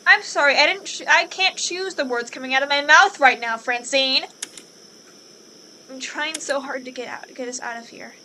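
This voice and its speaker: A woman reading the lines of a desperate, apologetic young woman who pleads urgently, with a steady hiss behind her voice. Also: high voice, fairly quick, few pauses.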